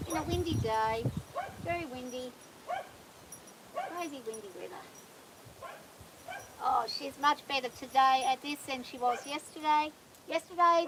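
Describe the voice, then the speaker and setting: A woman working a nervous horse on a farm, calmly coaxing the animal while explaining each step to viewers. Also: sits high. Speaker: horse trainer. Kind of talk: narrated training vlog. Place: outdoors on a farm on a windy day. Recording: outdoor recording with loud wind noise.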